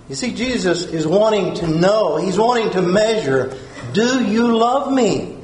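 Man, pastor, sermon, high voice, earnest, asks questions, roomy echo. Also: animated, unhurried, a little mellow. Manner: earnest, repeats key phrases, asks the listeners questions.

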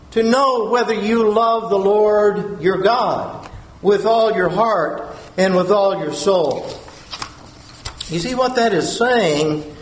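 A man preaching a sermon, earnest, repeating key phrases and asking his listeners questions. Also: sits high. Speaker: pastor. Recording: roomy echo.

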